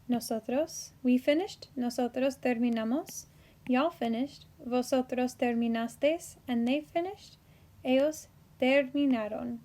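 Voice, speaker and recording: A woman teaching a recorded Spanish grammar lesson, spelling out endings carefully, with playful asides and quick self-corrections. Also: high voice, a little mellow.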